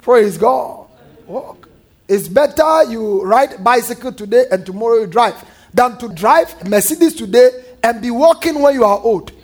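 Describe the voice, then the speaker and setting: Speaking at a measured pace, this male preacher delivers an energetic sermon with a high, husky voice. Again and again he draws the congregation into call-and-response and mocks what scoffers say by mimicking them.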